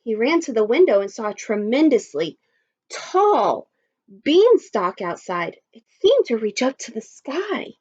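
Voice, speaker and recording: A woman teacher reading a story aloud to children, expressive and adding little asides. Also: a little high, measured pace, highs cut off. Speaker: primary school teacher.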